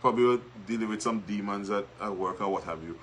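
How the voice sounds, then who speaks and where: A man co-hosting a casual advice talk in a relaxed, chatty way. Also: on the low side, fast, very noisy. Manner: relaxed, chatty, laughs easily. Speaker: co-host.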